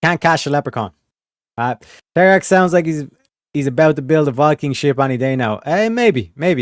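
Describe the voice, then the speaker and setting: A man's voice: fairly high pitch, expressive, normal speed, no room sound, clean studio sound. A man hosting a livestream, chatting casually and rambling with plenty of "like" and swearing. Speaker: livestream host.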